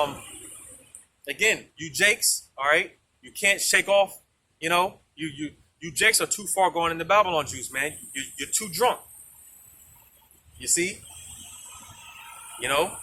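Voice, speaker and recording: Street preacher, man with a high voice, loose casual delivery full of "man", traffic roaring behind. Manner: peppers talk with "man" and "you know"; reads scripture aloud in King James wording. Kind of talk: outdoor street sermon. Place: outdoors on a street. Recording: street noise and passing vehicles.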